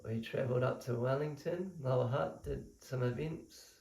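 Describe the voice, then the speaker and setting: A young man tells his story in a casual, animated way and laughs easily between thoughts. His voice is strongly gravelly and creaky at a middling pitch. He sits back from the mic, and the room gives it a roomy echo. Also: moderate pace, recorded from a distance. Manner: animated, laughs often while telling. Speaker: spiritual seeker telling his story.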